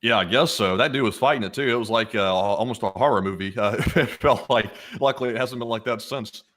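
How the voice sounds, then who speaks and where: A man chatting casually on a live stream, his voice on the lower side. He talks quickly and rambles, with lots of fillers and restarts. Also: a bit bright, a little hiss or hum. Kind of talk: casual chat.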